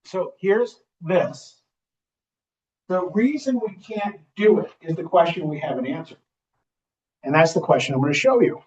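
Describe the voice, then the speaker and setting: A man's voice: fairly high pitch, measured pace, pauses often. A man, a real estate trainer, teaching a live class in a training room and often checking in with the audience as he talks. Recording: dull, muffled recording.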